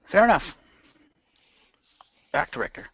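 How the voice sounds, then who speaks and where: A man in a casual podcast chat, telling stories in a lively way. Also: fairly high pitch, a little slow, husky, no room sound. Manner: lively storyteller. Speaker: podcast co-host. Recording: dull lo-fi dry sound.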